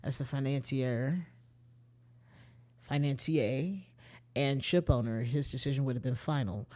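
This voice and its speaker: A man's voice: medium pitch, fast, a little mellow. A man streaming a mystery game, thinking aloud, restarting sentences and reading in-game letters aloud with small stumbles.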